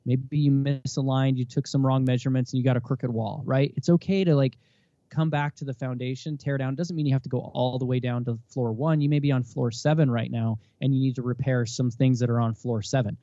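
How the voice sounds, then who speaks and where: A man in his thirties, a podcast guest and parent, talking in an emphatic, animated way with preachy bursts, on a dull lo-fi recording. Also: medium pitch, fairly quick, no echo. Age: 30s. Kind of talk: casual interview talk.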